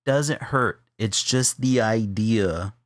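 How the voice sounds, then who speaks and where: A man spinning a funny personal story in an easygoing chat. He laughs a lot and his voice leaps up when the story gets exciting. The sound is dry and close, with no room around it. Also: fairly low pitch, slow, dry recording. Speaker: co-host of an art stream.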